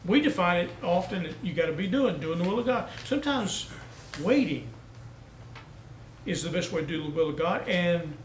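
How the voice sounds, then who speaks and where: A man's voice: high voice, expressive, normal speed, reverberant, slight background noise, rough recording. A male pastor preaching a sermon, telling down-home country stories and building to emphatic peaks. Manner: folksy storytelling preacher, rising to emphatic peaks.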